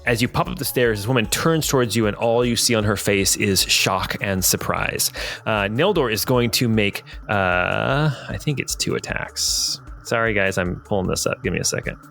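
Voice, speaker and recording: A man's voice: lowish voice, normal speed, creaky, fairly bright tone, faint music behind. A man narrating as game master of a tabletop adventure, describing scenes with frequent hesitations and fillers.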